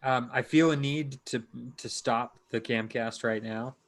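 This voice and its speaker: A man's voice: medium pitch, a little slow. A man co-hosting a car podcast in casual chat, rambling and stumbling over his words. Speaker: podcast co-host.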